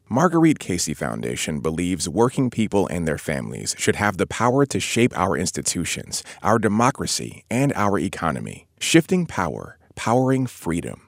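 A man reading sponsor messages in a smooth, polished announcer style. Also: deep voice, dry recording, clean studio sound.

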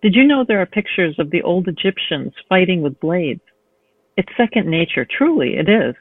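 A woman reading a novel aloud, voicing a courtly male fencing instructor who gently urges a beginner on. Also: sits high, big pitch swings, moderate pace, dry recording, exaggerated voice. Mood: coaxing. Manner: smooth, encouraging, gently insistent. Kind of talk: read-aloud novel excerpt. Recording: tinny phone-line sound, dry.

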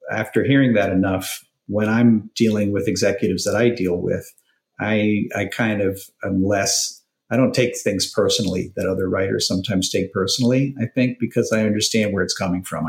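Laid-back man with a gravelly voice. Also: deep voice, echoey room, poor audio. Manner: relaxed, halting, chuckles often. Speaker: TV writer and producer, guest. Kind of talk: casual interview conversation.

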